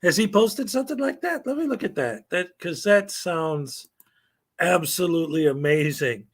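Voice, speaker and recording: A middle-aged man talks through a live stream with a voice that sits a little high for a man. He rambles and gives strong opinions, drops fillers and short laughs, and runs his sentences together. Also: lively intonation, moderate pace. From United States.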